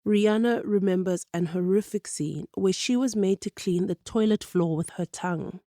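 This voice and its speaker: A woman narrating a radio documentary in a measured, clear storytelling manner. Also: mid-range voice, mellow, no room sound, clean studio sound.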